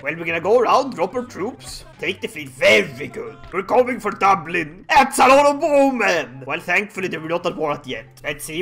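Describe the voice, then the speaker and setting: A young man with a high, bright voice banters through a strategy game with dry sarcasm. He yells orders at his troops now and then, and game music runs behind him. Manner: joking, sarcastic banter with shouted outbursts. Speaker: gaming commentator. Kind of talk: casual gameplay commentary.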